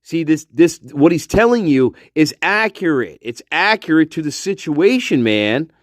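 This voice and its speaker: A man's voice: fairly high pitch, big pitch swings, a little slow, no room sound, clean studio sound. A male true-crime channel host giving profane, exasperated, emphatic ranting commentary.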